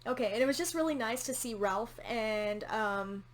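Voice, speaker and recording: A woman's voice: fairly high pitch, animated, normal speed. A woman hosting a casual TV episode reaction, candid and opinionated, swearing casually as she talks. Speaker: reaction channel host.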